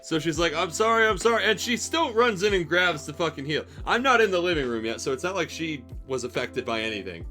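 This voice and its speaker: Bright-voiced man swearing through a story. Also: fairly high pitch, expressive, fairly quick, hardly any pauses, soft background music. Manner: profane, rambling, exasperated. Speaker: streamer telling stories. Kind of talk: casual storytelling.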